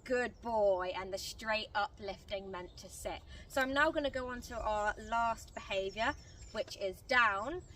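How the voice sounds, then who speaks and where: Bright-voiced woman teaching a dog trick. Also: mid-range voice, unhurried. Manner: clear, step-by-step explaining. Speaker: dog trainer. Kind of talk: instructional tutorial. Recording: distant mic, faint outdoor noise.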